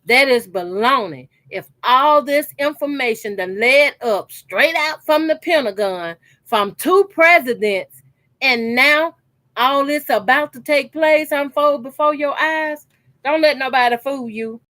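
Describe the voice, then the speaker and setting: A woman's voice: sits high, measured pace, pushed and bright, no room sound. A woman, chatting casually to her viewers while she cuts fabric scraps for a quilt, emphatic and repetitive. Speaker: sewing channel host. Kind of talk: casual chat while sewing. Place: her sewing corner at home.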